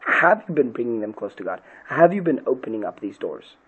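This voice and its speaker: A man's voice: medium pitch, sing-song, brisk, fairly bright tone, breathy edge, muffled recording. A man, a pastor, giving an earnest podcast talk on parenting and faith, often asking rhetorical questions.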